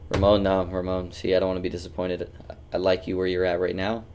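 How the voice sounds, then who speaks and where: Running a casual gaming stream, a man with a very deep, gravelly voice full of vocal fry teases his friends and chat with loose, offhand banter and plenty of swearing. He talks quickly in a level, darkish tone, close to a headset mic, with a little hiss or hum in the background.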